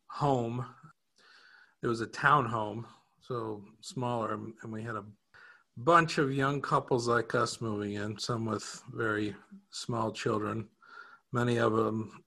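A man's voice: mid-range voice, vocal fry, a bit bright. A man co-hosting an interview, telling a casual story in a self-deprecating way, chuckling and restarting sentences. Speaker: co-host.

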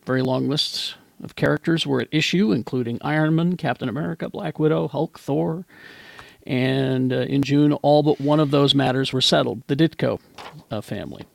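A man's voice: medium pitch, moderate pace, creaky, no echo. A man hosting a casual pop-culture chat show, talking in a rambling, chatty way with plenty of fillers. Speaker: podcast host.

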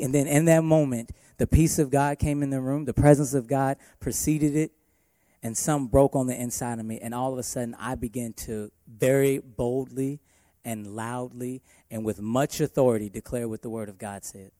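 Preaching man, warm dry voice. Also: medium pitch, fairly even intonation, moderate pace, no echo. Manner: emphatic preaching with shifting loudness. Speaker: worship pastor. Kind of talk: sermon.

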